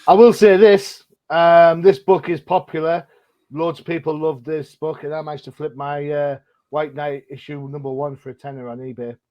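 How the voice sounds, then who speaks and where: A man's voice: a little high, steady tone, normal speed, dull audio. A man hosting a casual comic-book podcast, rambling and chatty with plenty of restarts. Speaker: podcast host.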